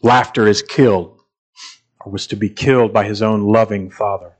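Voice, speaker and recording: A man preaching a sermon as a pastor, earnest and measured, pausing and repeating phrases, building to emphatic stretches. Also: fairly low pitch, fairly even intonation.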